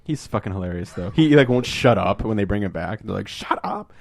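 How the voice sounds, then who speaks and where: A man hosting a casual podcast, talking about a film, rambling and swearing and acting out scenes in quick put-on voices. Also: on the low side, lively intonation, gravelly, no echo. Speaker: podcast host.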